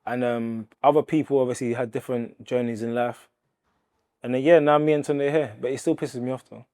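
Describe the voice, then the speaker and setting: A man, a boxer telling stories of his career in a relaxed, chatty way. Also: medium pitch, a little fast. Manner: relaxed, chatty storytelling with slang and laughs. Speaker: professional boxer. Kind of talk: interview and gym banter.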